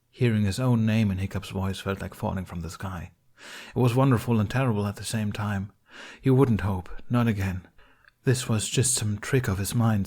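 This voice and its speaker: A man narrating a fan fiction audiobook in a steady, measured storytelling voice. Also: on the low side. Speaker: audiobook reader.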